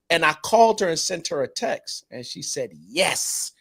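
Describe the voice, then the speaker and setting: A man from North Carolina telling a personal story in a casual group chat, animated and repeating words for emphasis. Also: medium pitch, moderate pace, hardly any pauses, breathy edge. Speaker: panelist.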